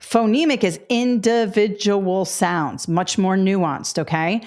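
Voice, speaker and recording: A woman's voice: medium pitch, slow, darkish tone. A middle-aged woman teaching a test-prep webinar, explaining step by step, correcting herself and talking straight to viewers. Her throat is a little dry. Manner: explanatory, self-correcting, addresses viewers directly. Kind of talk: webinar lesson.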